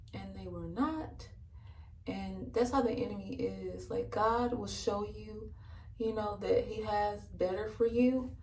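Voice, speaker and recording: A woman's voice: medium pitch, mellow. A young woman talks earnestly to her camera in a casual faith testimony, filling her thoughts with "you know" and small laughs. Her voice sits in the middle range and reaches the mic from a little distance. The room adds noticeable echo and a faint hum of ambience. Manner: earnest and chatty, many "you know" fillers, laughs between points. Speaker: vlogger. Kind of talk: casual faith testimony chat while getting ready. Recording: roomy sound from a mic some distance away.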